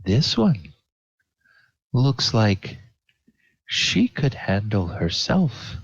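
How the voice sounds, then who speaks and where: Man doing a formal elephant-folk woman, curious, slow, dull recording. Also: on the low side, big pitch swings, husky, no echo, exaggerated voice. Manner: formal, refers to others as "this one". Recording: dull lo-fi audio.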